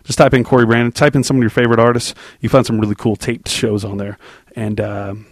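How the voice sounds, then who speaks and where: Male podcast host, loose and rambling, casual swearing, mid pitch, close dry mic. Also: level tone, quick pace, dry recording. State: on cold medicine.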